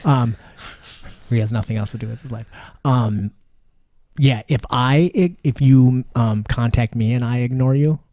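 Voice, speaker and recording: A man's voice: medium pitch, steady tone, unhurried, warm tone, no room sound. A man co-hosting a podcast in casual, rambling chat, swearing freely and talking at an easy pace. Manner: laid-back, profane, rambling. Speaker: podcast co-host.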